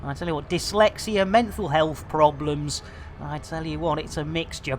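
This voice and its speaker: A man with a fairly high, steady voice talks at normal speed during a live gameplay stream. He chats along, cracking innuendo-laden jokes and delivering mock public announcements.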